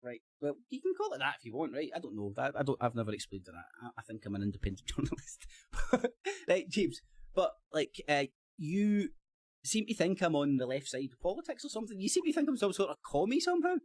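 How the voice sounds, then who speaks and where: A man's voice: fairly high pitch, huge pitch swings, fast, dry recording. Rambling Scottish man in a debate. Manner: rambling, self-correcting, swears, laughs often. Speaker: panelist. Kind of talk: casual live-stream debate.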